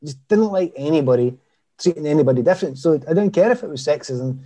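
Husky, mellow Glaswegian man. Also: on the high side, expressive, fast. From Easterhouse, Glasgow, Scotland. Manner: chatty, self-deprecating storyteller. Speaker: guest, former footballer. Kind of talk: casual podcast interview.

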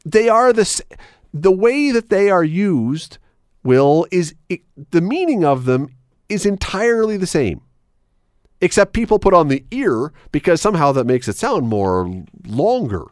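Male radio host, opinionated and sarcastic, animated delivery, dry close studio sound. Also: measured pace, no room sound. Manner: emphatic, sarcastic, wide swings in pitch. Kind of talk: opinionated talk radio rant.

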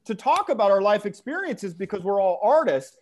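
Man, podcast co-host, rambling, joking, fairly high voice. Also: big pitch swings, brisk, a little mellow. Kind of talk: casual chat.

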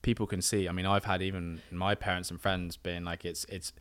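A young Englishman with a low voice talks in a relaxed, halting way and often trips over his words before he settles. The sound is close and dry, with no room around it. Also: clear, resonant tone, dry recording. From England. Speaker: guest co-host, boyfriend. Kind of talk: casual chat.

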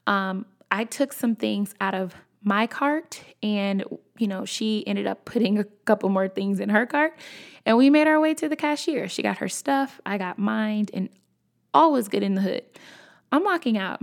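Gravelly-voiced woman telling a story. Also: medium pitch. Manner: animated, conversational, addresses listeners as y'all. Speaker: podcast host. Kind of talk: casual storytelling.

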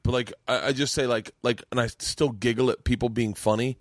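A male comedian hosting a loose podcast from his home mancave. He tells stories in an animated rush, swearing freely and restarting his sentences as he goes. His voice sits at a middle pitch and sounds close and dry. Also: fairly quick, no room sound. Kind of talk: casual chat.

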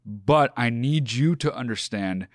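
Wry, deadpan male podcast co-host. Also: medium pitch, measured pace, dry recording, studio quality. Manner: wry, teasing, deadpan asides. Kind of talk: casual chat.

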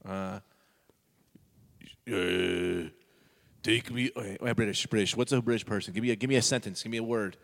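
A man bantering as co-host on a comedy show with quick, playful interjections. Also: lowish voice, fairly even intonation, big-room sound.

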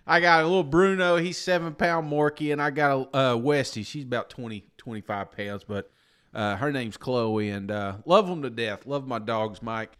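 A man's voice: medium pitch, moderate pace, fairly bright tone, smooth. A man, tired after a sleepless night, co-hosting a podcast and telling a long, rambling, self-deprecating story in casual chat. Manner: rambling, self-deprecating, peppered with "you know what I'm saying". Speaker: podcast co-host.

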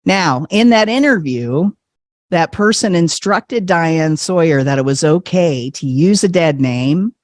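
A man telling a personal story as a podcast guest, animated, laughing often and acting out the voices of people he quotes. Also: on the high side, unhurried, no echo, clean studio sound. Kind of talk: conversational storytelling.

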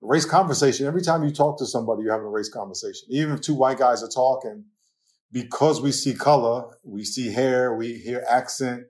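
On a conversational podcast, an older New York pastor tells lively stories, laughing easily and slipping into little acted-out quotes. His voice sits in a typical male middle range, brisk and a little mellow.

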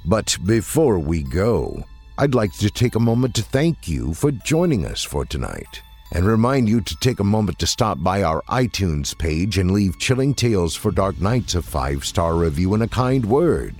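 A man hosting a horror story podcast, reading a scripted outro in a slow, ominous, deliberate way. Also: deep voice, sing-song, a little mellow, slightly rough, faint music behind. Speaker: host.

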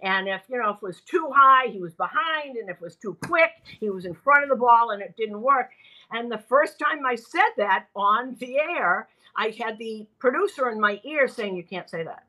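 An older woman broadcaster telling animated stories from her career in an interview, often quoting other people. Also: on the high side, moderate pace, low-quality recording. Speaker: guest broadcaster. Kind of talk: storytelling in a podcast interview.

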